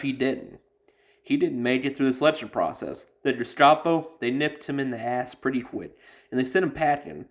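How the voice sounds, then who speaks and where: Blunt, profane man talking casually. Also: medium pitch. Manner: blunt, profane, rambling with many fillers. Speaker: podcast host. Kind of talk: casual advice talk.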